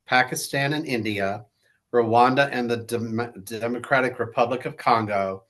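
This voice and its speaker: A man's voice: mid-range voice, moderate pace, fairly bright tone. A man co-hosting a political podcast, speaking bluntly and stumbling over names as he reads items aloud. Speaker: podcast co-host. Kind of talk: casual political chat.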